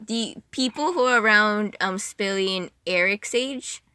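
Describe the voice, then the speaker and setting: A woman's voice: medium pitch, measured pace, sharp tone, clear, resonant tone. A young woman chatting as a podcast guest, rambling, giggling and cutting herself off mid-sentence. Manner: rambling, giggly, self-interrupting. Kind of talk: casual chat.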